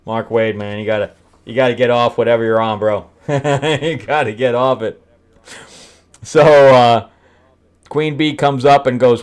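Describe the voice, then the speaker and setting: A man's voice: mid-range voice, fairly even intonation, unhurried, long pauses, clean tone. A man hosting a casual comic book review, wry and mocking, often breaking into laughter. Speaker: host, screenwriter reviewing comics.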